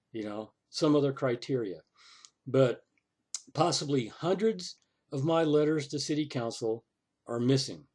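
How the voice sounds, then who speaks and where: His voice is mid-range and a little mellow as he narrates a screen-recorded walkthrough. The man is sarcastic and exasperated in complaining to the city council, thinking aloud and frequently saying "oh" and "okay".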